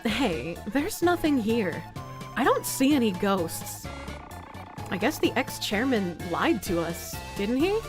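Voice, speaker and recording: A woman voicing a dry, sarcastic young heroine in a game, speaking low and flat. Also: slow pace, music in the background.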